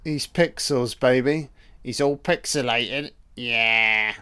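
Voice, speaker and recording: A man drawls his way through a solo film commentary, deadpan and scornful, with plenty of swearing. His voice is clear and smooth, and he takes his time over each jab. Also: medium pitch, slow. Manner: mocking, profane, deadpan asides.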